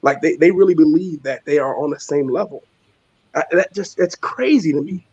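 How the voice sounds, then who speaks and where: A man in casual podcast chat, telling stories with animated energy and frequent swearing. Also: on the high side, normal speed, breathy edge, no room sound. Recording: dull lo-fi sound.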